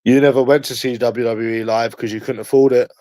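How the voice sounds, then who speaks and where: A man's voice: mid-range voice, fairly even intonation, brisk, darkish tone, no echo. A man with a London accent in casual chat, teasing and slangy, repeating himself often. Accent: London English.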